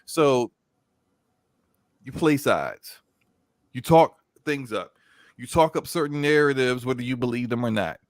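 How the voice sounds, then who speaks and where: Brief: male guest, mid-pitched, dry close sound, rambling storyteller. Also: a little slow, long pauses, dry recording. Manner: rambling, stammering restarts, acting out skits. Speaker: podcast guest. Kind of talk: casual podcast chat.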